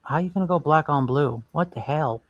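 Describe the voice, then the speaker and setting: Male stream host, slightly high voice, rambling casual chat. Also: a little fast, dry recording, muffled recording. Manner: rambling, thinks aloud while browsing. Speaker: livestream host.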